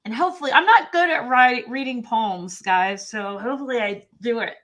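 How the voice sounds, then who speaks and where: A woman's voice: fairly high pitch, normal speed, a bit bright. A woman hosting a casual livestream, talking in a chatty, self-deprecating way with frequent restarts and trailing phrases. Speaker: livestream host.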